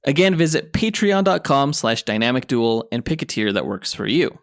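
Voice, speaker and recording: A man co-hosts a comic book podcast, running through news and support plugs in an upbeat way. His voice sits mid-pitch. The recording is close and dry, with no room sound. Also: sing-song, moderate pace, dry recording. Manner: upbeat promo reading. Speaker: podcast co-host. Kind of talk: casual podcast chat.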